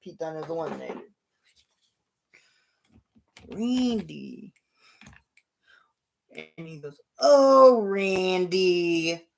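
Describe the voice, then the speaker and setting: A man hosting his own show, narrating imagined wrestling action in a casual play-by-play, punctuated with loud sound-effect bursts. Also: fairly high pitch, big pitch swings, very slow, vocal fry, pauses often. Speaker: show host.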